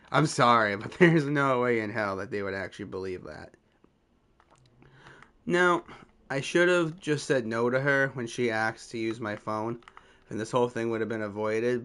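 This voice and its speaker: A man's voice: medium pitch, a bit bright, clean tone. A man in his twenties casually telling a rambling, self-deprecating story from his school days, swearing freely. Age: 20s. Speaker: vlogger.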